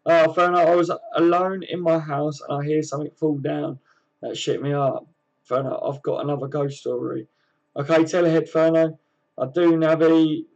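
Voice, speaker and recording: A fairly high-voiced man, casually chatting on his live stream. He reads out viewers' comments and answers them in an easygoing, slang-filled way. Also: a little mellow, lo-fi sound. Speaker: host of a fan live stream.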